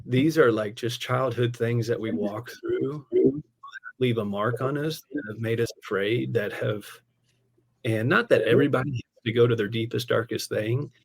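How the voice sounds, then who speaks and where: An animated pastor telling a story. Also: male voice, mid-range voice, normal speed, creaky, breathy edge. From United States. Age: adult, a parent. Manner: animated, laughing storyteller peppering speech with "like" and "man". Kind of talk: casual storytelling conversation.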